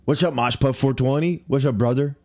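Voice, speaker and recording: A man's voice: mid-range voice, fairly quick, darkish tone. A man livestreaming a game, talking to himself and greeting viewers, mildly exasperated as he searches around. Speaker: streamer. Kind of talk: casual live game commentary.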